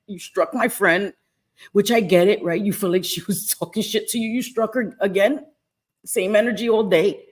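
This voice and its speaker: A woman with an American accent hosting a casual livestream, answering chat messages, laughing often and swearing casually. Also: low-pitched. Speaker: livestream host.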